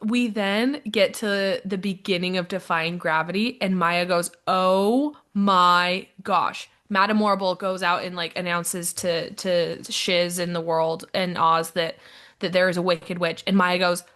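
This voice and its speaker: A young woman co-hosting a podcast in a casual chat, telling an animated story and acting out her friend's lines. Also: on the low side, normal speed. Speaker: podcast co-host.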